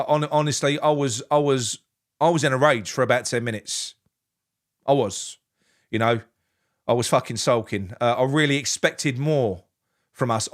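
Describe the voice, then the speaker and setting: Brief: male fan host, fairly high voice, raging swear-filled rant that drops to a grumbling mutter. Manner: ranting, heavy swearing, swings from shouting to muttering. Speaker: football fan channel host. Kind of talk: angry live match reaction.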